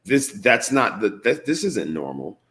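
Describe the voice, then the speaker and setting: A man's voice: on the low side, sing-song, measured pace, a bit bright. A man co-hosting a morning radio show, talking casually and bluntly, with some swearing and easy laughter. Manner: blunt, profane, laughs easily.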